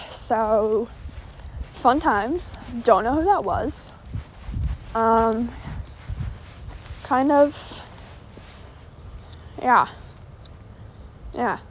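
A woman's voice: on the high side, expressive, a little mellow, slight background noise. A teenage girl rambling casually in a vlog while walking her dog outdoors, chatty and easily distracted, talking into her phone. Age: teens. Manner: chatty, distracted, quick asides and fillers. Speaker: vlogger. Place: outdoors on a walk.

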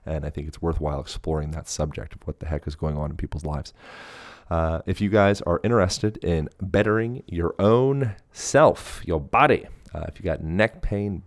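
A man's voice: rumbling low, no room sound, clean studio sound. A man hosting his podcast, giving a casual, rambling introduction with fillers and self-mocking asides. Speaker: podcast host.

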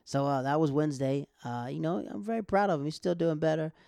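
A young man talks fast and loose, laughing as he acts out quotes. His voice is gravelly and warm, a touch higher than most men's, recorded close and dry with no room sound. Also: no room sound. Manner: animated, quick bursts, laughs often, acts out quotes. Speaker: stand-up comic and podcast host. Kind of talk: casual storytelling chat.

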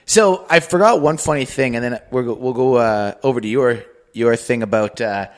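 A man co-hosting a podcast, telling a story in an animated way and acting out the people in it. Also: mid-range voice, normal speed. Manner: animated, acts out voices in his stories. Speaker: podcast co-host. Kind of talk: casual anecdotal storytelling.

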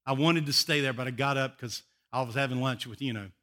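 An older man preaching a sermon, an animated, emotional storyteller who often laughs. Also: mid-range voice, a little fast. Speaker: pastor.

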